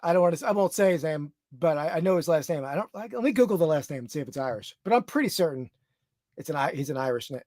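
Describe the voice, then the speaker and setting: A man co-hosting a casual podcast over a video call, easygoing and chuckling as he argues his point. His voice is high-pitched. The sound is dry, with no room echo. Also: expressive, racing, a little mellow. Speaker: podcast co-host.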